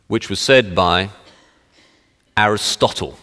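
A man preaching a sermon, reading scripture slowly and solemnly, then talking in a chatty way with many fillers. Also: lowish voice, animated, a bit bright. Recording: long hall reverb.

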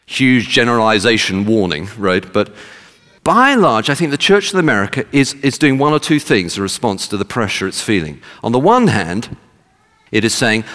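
A man's voice: medium pitch, very animated, moderate pace, a bit bright, in a large hall. A man preaching a sermon, emphatic and fond of rhetorical questions, speaking to a congregation.

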